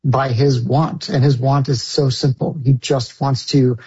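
A film director answering interview questions in a casual, enthusiastic way. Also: male voice, mid-range voice, little pitch movement, measured pace, a little mellow, slightly rough, muffled recording.

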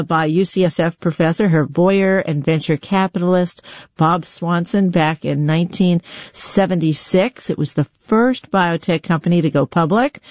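A woman hosting a public radio interview program, with a measured, clear broadcast delivery. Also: fairly low pitch, a little mellow, no room sound, muffled recording. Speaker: radio show host. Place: radio studio.

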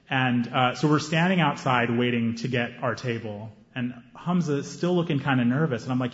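A man performing a stand-up set on stage with a handheld mic, animated and acting out scenes, breaking into high excited yelps. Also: normal speed. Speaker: stand-up comedian. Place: comedy stage before a live audience. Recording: roomy, slightly dull live recording.

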